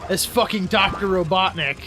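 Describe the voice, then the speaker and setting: A man's voice: high-pitched, normal speed. A man co-hosting a let's play, chatting in a rambling, playful way and slipping into silly voices. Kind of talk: casual gaming chat. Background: video game music.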